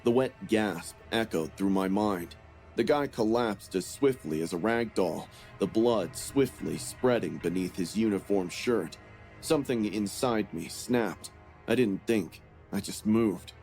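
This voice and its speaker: A man giving a scripted first-person horror narration in a steady, grim storytelling manner. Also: fairly low pitch, measured pace, soft background music.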